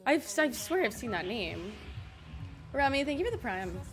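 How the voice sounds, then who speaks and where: A woman's voice: on the high side, sing-song, normal speed. A young woman streamer chatting casually with a teammate while playing, laughing easily. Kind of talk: casual gaming chat. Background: game music.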